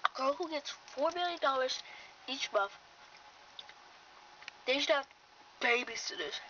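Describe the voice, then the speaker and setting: A woman voices every character in a homemade story, trading bickering, teasing lines. Her voice sits fairly high and bright, and she takes her time. The recording is dull and lo-fi with a faint hiss behind her. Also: animated, unhurried, distant mic. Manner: plays back-and-forth dialogue, bickering and teasing. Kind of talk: homemade story play, voicing several characters.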